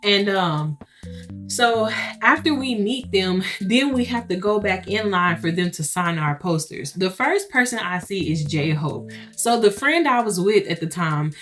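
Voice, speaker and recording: A woman's voice: medium pitch, expressive, a little slow, a bit bright, soft background music. A young adult woman vlogger chatting to her viewers, laughing often and acting out what others said. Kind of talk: casual storytelling to viewers.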